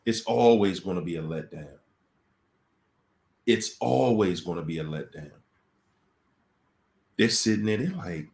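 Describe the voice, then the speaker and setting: A man's deep, slightly mellow, creaky voice moves unhurriedly, with long pauses, as he hosts a live Q&A stream on relationships. His casual, conversational talk turns dramatic as he repeats phrases for emphasis and acts out voices when quoting dialogue.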